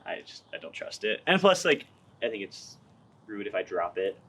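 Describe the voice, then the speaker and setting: A man's voice: fairly low pitch, big pitch swings, moderate pace, pushed and bright, slight background noise. A young man who sings in a band, talking casually in an interview in a laid-back, rambling way and laughing often. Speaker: band singer.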